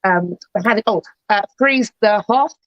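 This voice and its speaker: A woman's voice: mid-range voice, moderate pace, dry recording, lo-fi sound. A middle-aged woman and actress, chatting playfully as a guest on a talk show. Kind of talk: casual chat.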